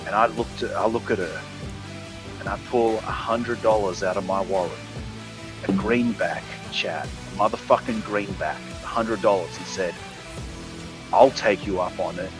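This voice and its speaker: A man's voice: on the low side, moderate pace, over music, rough recording. A tipsy man with an Australian accent, a guest telling a long story in a crude, heavily profane, rambling way. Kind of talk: casual storytelling.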